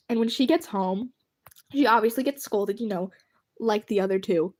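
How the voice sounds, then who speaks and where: A woman's voice: mid-range voice, moderate pace, a little mellow. A woman chatting casually on a livestream while drawing, rambling and giggling as she thanks her viewers.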